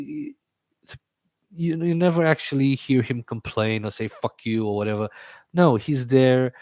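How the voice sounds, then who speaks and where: A man's voice: medium pitch, darkish tone, dry recording. Stammering man, faintly British-tinged English. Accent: slightly British-sounding, learned English. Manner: rambling, frequent stammered restarts. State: slightly impeded speech from a toothache. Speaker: livestream host. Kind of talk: casual live chat.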